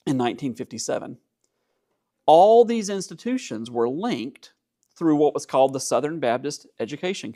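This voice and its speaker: A man's voice: mid-range voice, gravelly, a little mellow. A man teaching church history in a conversational way, with dry asides and frequent fillers, from Georgia.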